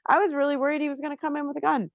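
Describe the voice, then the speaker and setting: A woman's voice: high voice, racing, gravelly, no echo, lo-fi sound. A woman in her thirties from Florida, a podcast co-host telling a story in casual chat, swearing freely and acting out the people she quotes. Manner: animated, profane, acts out quotes.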